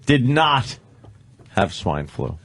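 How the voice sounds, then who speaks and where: A man co-hosts morning radio and throws in dry, deadpan jokes. He talks slowly and without hurry, with a relaxed delivery. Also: medium pitch, breathy edge, no room sound. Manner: laid-back, deadpan jokes. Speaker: radio show co-host. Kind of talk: casual morning radio banter.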